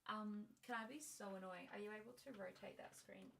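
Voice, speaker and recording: Gravelly-voiced woman a bit off-mic. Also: medium pitch, brisk, distant mic, noisy background. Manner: reads out viewer names, light teasing. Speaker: co-host reading the chat. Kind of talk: casual live-stream banter.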